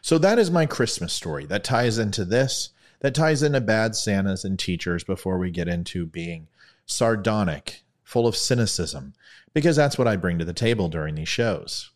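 A male podcast host talks casually and tells stories with animation, poking fun at himself. His voice is fairly low but swings widely in pitch. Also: normal speed. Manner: animated, self-deprecating. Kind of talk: casual monologue and storytelling.

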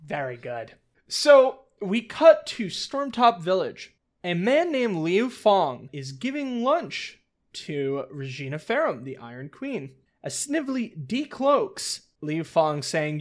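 A man's voice: high voice, very animated, slow. A man co-hosting a podcast, casually and bluntly recapping comic books. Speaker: podcast co-host.

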